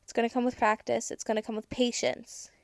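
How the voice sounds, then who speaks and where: A teenage girl hosting a podcast, giving candid, chatty advice with casual swearing and bursts of excitement. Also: a little high, a little fast, creaky, dry recording, clean studio sound. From United States. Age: teens. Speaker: podcast host.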